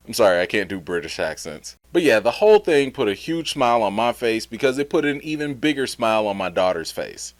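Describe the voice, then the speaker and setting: A man's voice: lowish voice, very animated, fairly quick, hardly any pauses, dry recording. A father and vlogger giving an upbeat, chatty voice-over for his video, recorded on a close mic. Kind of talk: casual vlog voice-over.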